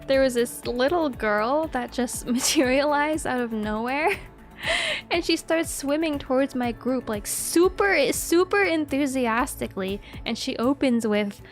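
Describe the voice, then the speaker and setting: A young woman chatting casually as a streamer, giggly and excitable, swearing freely. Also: on the high side. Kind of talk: casual chat.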